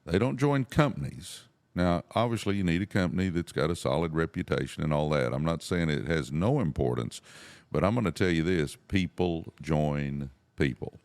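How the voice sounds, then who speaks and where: A man with a very deep voice that has a gravelly fry talks in a casual conversation. He gives emphatic, earnest advice and hedges as he goes, and the sound is dry and close. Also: animated, moderate pace, a little mellow, no echo. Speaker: network marketing leader, co-host.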